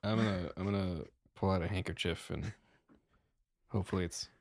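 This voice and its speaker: A man's voice: low voice, steady tone, fairly quick, creaky, darkish tone. A young man playing a tabletop role-playing game, in character, who laughs often and swears freely. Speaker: player.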